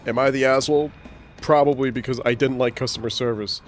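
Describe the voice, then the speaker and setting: A man's voice: medium pitch, fairly even intonation, fast talker, faint music behind. Profane joking young man streaming. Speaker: gaming streamer. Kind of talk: casual livestream chat.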